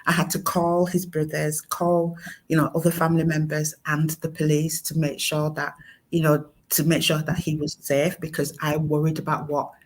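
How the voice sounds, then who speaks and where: Middle-aged woman guest, very low voice, halting emotional storytelling. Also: little pitch movement. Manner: halting, many fillers and restarts. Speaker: guest, mother of a son with mental illness. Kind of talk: emotional personal story in conversation.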